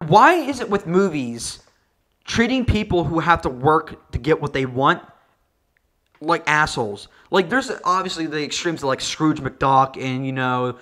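A video reviewer ranting about a movie with exasperated, profane comic energy, sometimes jumping into high-pitched outbursts. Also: a bit bright. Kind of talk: comedic movie review rant.

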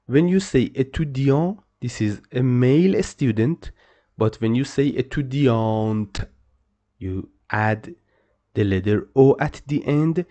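A male language teacher who takes his time, speaking slowly and leaving long gaps between phrases. He gives each word more than once in a patient, explaining way. His voice is dark and mellow. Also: medium pitch. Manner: slow, repeats words, patient explaining. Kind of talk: pronunciation lesson.

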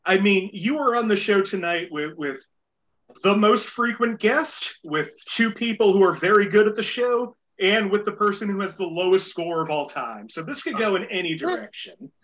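A man's voice: sits high, animated, normal speed, a bit bright, dull audio. A man with a light Boston accent hosting a casual game show podcast, rambling with many fillers and repeated words. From Boston area.

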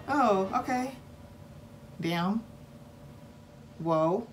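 A woman's voice: mid-range voice, very animated, slow pace, heavy background noise. A woman hosting a reaction video, giving casual commentary with incredulous, swearing exclamations.

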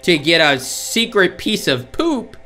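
A man's voice: high-pitched, very animated, takes it slowly, pushed and bright, faint music behind. A man co-hosting a horror game playthrough, mocking his partner with sarcastic, profane jokes. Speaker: co-host playing a horror game. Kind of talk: gaming commentary.

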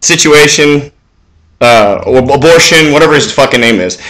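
A forty-year-old man speaking at an everyday middle pitch in a loose, rambling monologue. He trips over restarts and fillers, drops casual profanity, and climbs in pitch and volume whenever he starts handing out advice. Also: normal speed. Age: 40s. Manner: gets louder and higher when ranting with advice. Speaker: vlog host.

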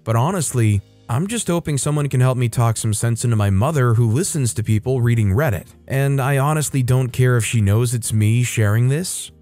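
A man hosting a storytime show, reading online posts aloud and adding relaxed personal asides between them. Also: medium pitch, brisk, hardly any pauses, soft background music. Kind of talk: storytime narration with casual commentary.

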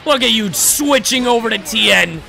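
A young man giving excited gameplay commentary, yelling and trash-talking his opponent as he plays a fighting game. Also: very high-pitched, moderate pace, gravelly, faint music behind. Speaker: gaming YouTuber playing a fighting game.

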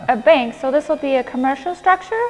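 Deadpan woman playing an inspector. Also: sits high, quick pace, big-room sound, poor audio. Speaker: planning commission inspector. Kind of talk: comedy sketch acting.

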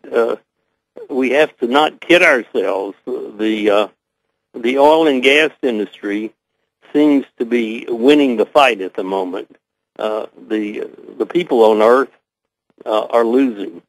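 An older man with a Southern US accent, a guest answering interview questions slowly, with many pauses and fillers. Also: medium pitch, dry recording, low-quality recording. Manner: hesitant, many uh fillers, measured.

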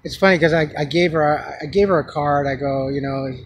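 A man vlogging outdoors, telling a story in a rambling, halting way with many restarts. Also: a little high, a little hiss or hum. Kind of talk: casual storytelling vlog. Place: outdoors on the street.

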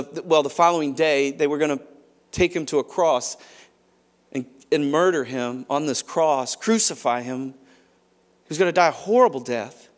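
A man preaching a sermon as pastor, moving between hushed, quiet stretches and loud, pressing passages, often restarting his phrases. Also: fairly high pitch. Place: large church auditorium.

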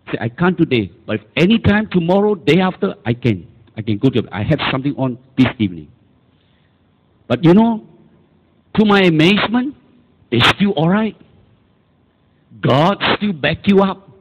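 A man's voice: a little high, sing-song, normal speed, long pauses, lo-fi sound, background noise. A man with a Malaysian English accent, preaching a sermon as pastor and calling the congregation for amens. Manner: emphatic, calls for amens and repetition.

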